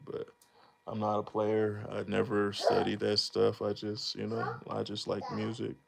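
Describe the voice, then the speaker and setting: A man's voice: fairly low pitch, completely flat delivery, unhurried, creaky, very noisy. A man in his thirties chatting casually on a live stream about making beats, rambling in a laid-back, slangy way and laughing often. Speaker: beatmaker streamer.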